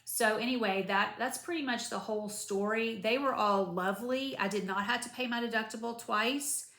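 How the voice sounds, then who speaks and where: A woman's voice: on the high side, moderate pace, echoey room. A woman, chatting casually to camera about her recovery after surgery, rambling with lots of asides. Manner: chatty, rambling, animated retelling with many asides. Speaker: vlogger.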